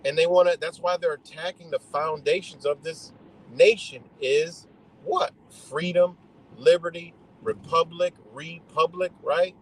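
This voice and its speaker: Fired-up swearing man, slightly high voice. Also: unhurried, low-quality recording. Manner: heated, emphatic, heavy swearing; repetitive, restarts mid-thought. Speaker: live streamer. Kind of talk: profane ranting monologue.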